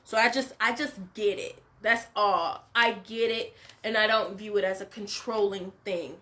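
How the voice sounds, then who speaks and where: A woman's voice: mid-range voice, steady tone, measured pace, bright, forceful tone. A woman hosting a casual reality show recap, opinionated and emphatic, full of "like" and "you know". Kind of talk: casual reaction commentary.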